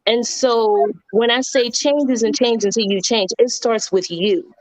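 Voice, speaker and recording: A woman's voice: on the high side, unhurried, no echo, poor audio. A woman on a talk show earnestly telling a personal story in casual conversation, repeating words and using many fillers. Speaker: guest on radio talk show.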